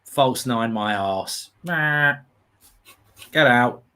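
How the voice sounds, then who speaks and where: A man's voice: medium pitch, extremely slow, pushed and bright, clean tone. A man hosting a live football watchalong, ranting animatedly and swearing freely. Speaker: host.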